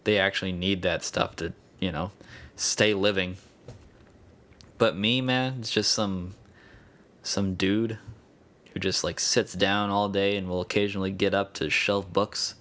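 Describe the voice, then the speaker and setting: A man's voice: deep voice, steady tone, unhurried, long pauses, fairly bright tone. A young man hosting his own podcast, rambling in a casual, profane and self-mocking way. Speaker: podcast host.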